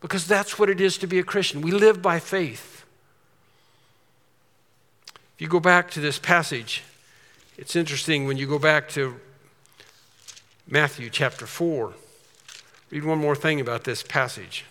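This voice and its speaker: A man preaching a sermon as pastor, emphatic, swinging from quiet asides to loud, drawn-out declarations. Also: fairly high pitch, big-room sound.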